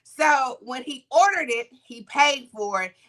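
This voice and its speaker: A woman co-hosting a morning talk show, telling a story in a casual, animated way and acting out the people in it. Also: high voice, a little slow. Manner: animated, acts out the people in her stories.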